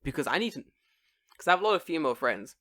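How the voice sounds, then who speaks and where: Brief: young male podcast co-host, lively swinging pitch, animated storyteller, swears freely. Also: racing. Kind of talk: casual chat.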